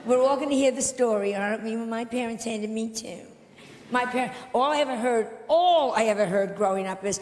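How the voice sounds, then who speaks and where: A woman's voice: fairly high pitch, normal speed, a little mellow. A woman doing brash, exaggerated stand-up comedy in a large theatre. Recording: echoey theatre with audience.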